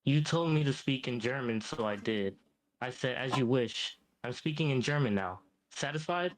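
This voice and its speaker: A man's voice: medium pitch, expressive, moderate pace, lightly acted, poor audio. A synthetic male voice playing a smug, ancient devil who keeps calling people "mate". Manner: smug, says "mate" a lot. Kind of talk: AI chatbot role-play.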